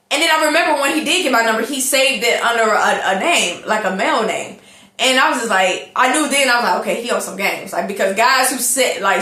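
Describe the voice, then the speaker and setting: A woman telling a personal story in a casual, animated monologue, talking straight to her listeners. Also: on the high side. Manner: chatty, animated, addresses listeners as y'all. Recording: echoey room.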